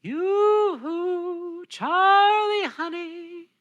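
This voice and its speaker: A man voicing a sweet little female mermaid, calling out in a high, tinkly falsetto. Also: drawn-out words, fairly bright tone, muffled recording, exaggerated voice. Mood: coaxing.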